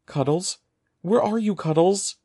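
A man's voice: mid-range voice, sing-song, normal speed, creaky, darkish tone, no room sound, clean studio sound. A man voicing a panicky young schoolboy, pleading and frantic in a raised voice.

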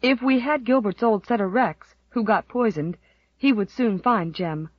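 A woman's voice: a little high, measured pace, no echo, muffled recording. A woman voicing an anxious young mother in an audiobook, speaking with strained composure. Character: anxious young mother trying to stay calm. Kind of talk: audiobook character voice.

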